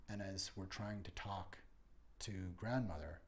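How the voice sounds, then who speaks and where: Impassioned man with a low voice. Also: measured pace, slight background noise. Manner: impassioned, dropping to whispers and rising to shouts. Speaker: monologue speaker. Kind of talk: spoken-word meditation monologue.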